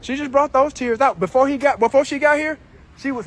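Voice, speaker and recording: His extremely high-pitched, fairly bright voice is animated and brisk as he films a street dispute on his handheld phone outdoors. The man is indignant and incredulous, repeating himself while confronting someone and narrating like a vlog.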